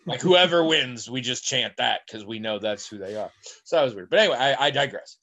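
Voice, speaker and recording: Lively rambling male podcast host. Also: medium pitch, a little fast. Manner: rambling, digressive storyteller. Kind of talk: casual podcast chat.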